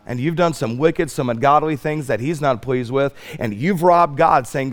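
A man preaching a sermon as pastor, swinging from loud stretched emphasis to soft pleading. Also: mid-range voice, moderate pace, few pauses. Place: church sanctuary.

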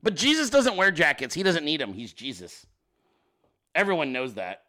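Brisk and pushed, his bright, high-leaning voice swings hugely in pitch. This livestream host casually roasts viewer pictures with sarcasm and plenty of swearing, riffing straight at his audience.

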